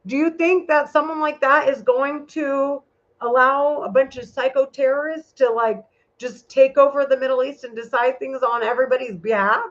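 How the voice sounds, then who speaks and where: A vlogger with a high voice talks at normal speed and a steady tone through a casual, rambling, heated monologue full of swearing. The recording is muffled and lo-fi.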